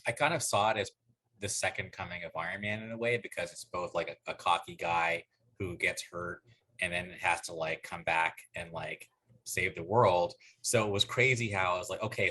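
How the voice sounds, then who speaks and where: A man's voice: low voice, steady tone, sharp tone, slightly rough. A man co-hosting a casual podcast chat, rambling and cursing, cutting in often. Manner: rambling, profane, quick to jump in. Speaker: podcast co-host.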